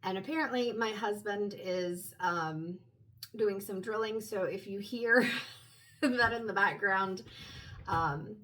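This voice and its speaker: Woman giving a gentle tarot reading. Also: mid-range voice, slow, rough recording. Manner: gentle, meandering, explanatory. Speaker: tarot reader. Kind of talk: recorded private tarot reading. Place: at home.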